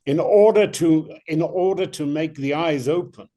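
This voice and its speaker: An older male actor, a guest in an interview, telling animated stories with many restarts. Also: a little high, a little slow. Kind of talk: interview anecdotes.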